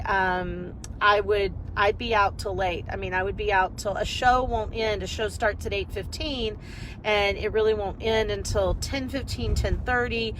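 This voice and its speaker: A woman business coach chatting casually on a live video, rambling and energetic, talking into a phone while driving. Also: mid-range voice, slight background noise, low-quality recording.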